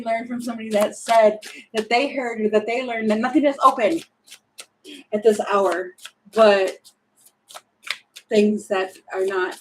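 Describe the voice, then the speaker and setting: A woman reading tarot cards for her viewers in a relaxed, talkative way, with a voice pitched a little high. She laughs often and thinks out loud between cards, as if chatting to a friend. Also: slight background noise, low-quality recording. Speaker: tarot reader. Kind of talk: casual tarot reading to camera.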